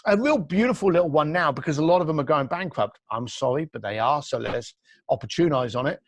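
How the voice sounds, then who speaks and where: Casting man guest, animated, blunt storyteller, raised pitch, swinging intonation, dry close sound. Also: fast, no room sound. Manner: blunt, energetic, acts out quoted dialogue. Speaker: entrepreneur guest.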